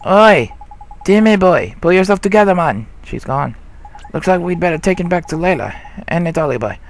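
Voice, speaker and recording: A man voicing a gruff, bossy little male fairy in a game, talking in a cheeky, slangy way. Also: high-pitched, animated, normal speed.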